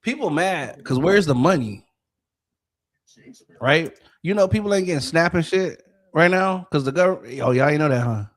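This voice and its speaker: A man with a notably high voice holds forth on a casual podcast. He talks with animated, profane energy. He keeps firing off rhetorical questions at his listeners. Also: normal speed. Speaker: podcast co-host. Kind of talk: casual political commentary.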